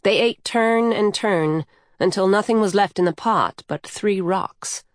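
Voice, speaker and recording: A woman narrating a story in an unhurried, measured way. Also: mid-range voice, dry recording, studio quality.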